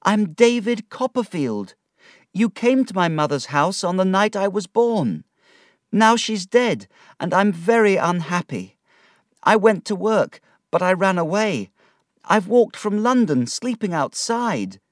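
Man doing a tearful runaway boy, high pleading voice, very lively pitch, dry close sound, storybook reading. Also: measured pace, no echo. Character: poor, dirty runaway boy, pleading and unhappy.

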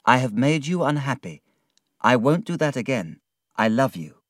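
A man voicing an earnest, worried young man in a storybook reading, speaking in a gentle voice. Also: mid-range voice, big pitch swings, moderate pace, no echo, clean studio sound, voice pushed up. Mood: apologetic.

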